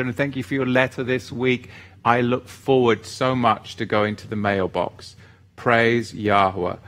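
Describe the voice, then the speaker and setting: A man hosting a religious livestream, reading viewer comments and chatting about scripture in an animated, fired-up way. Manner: animated, gets fired up and swings his pitch. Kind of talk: casual livestream chat with scripture talk.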